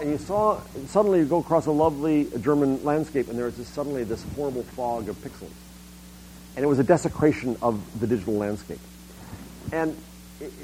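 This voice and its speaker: A man's voice: a little high, a little mellow, slight background noise, low-quality recording. A middle-aged man gives a public talk on internet policy. He speaks emphatically, often restarting and repeating words.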